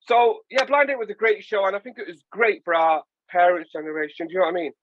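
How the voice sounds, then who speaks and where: Podcast host: Northern English man, forties, jokey and animated, a bit high-voiced, dry slightly dull sound. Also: fast talker, dry recording. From England. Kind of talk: casual chat.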